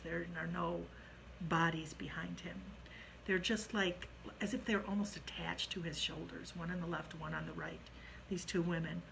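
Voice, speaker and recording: A middle-aged woman telling a personal ghost story in a casual, animated way, dropping to a hush at the eerie parts. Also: fairly low pitch, creaky, a little hiss or hum, low-quality recording.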